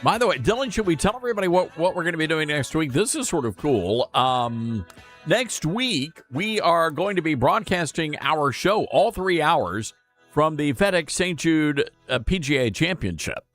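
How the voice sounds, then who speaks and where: A man hosting a talk radio show, joking and chatting in an animated way. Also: fairly high pitch, normal speed, soft background music.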